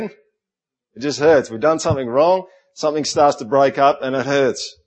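A middle-aged man with an Australian accent preaching a sermon in a conversational way, often asking the congregation rhetorical questions. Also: mid-range voice. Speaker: pastor.

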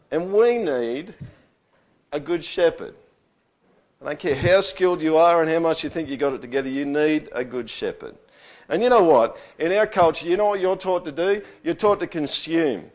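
Speaking at normal speed, a pastor addresses his church, dropping to almost a whisper and then booming out scripture, frequently asking people to respond and agree. The sound comes from a stage microphone run through a sound system in a lively church hall.

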